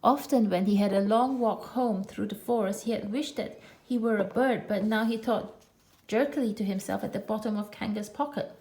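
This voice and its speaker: A woman narrating a children's storybook with a clear, expressive reading. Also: medium pitch, normal speed. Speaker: storybook reader.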